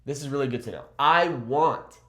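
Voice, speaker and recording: A man teaching a language lesson, slowly repeating phrases and often checking in with "okay?". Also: medium pitch, fairly bright tone. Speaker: Spanish teacher. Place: Mexico.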